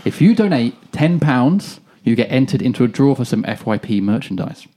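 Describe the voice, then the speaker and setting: A man's voice: medium pitch, expressive, normal speed, mellow. Man, podcast host, casual chat, laughs a lot. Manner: chatty, laughs easily.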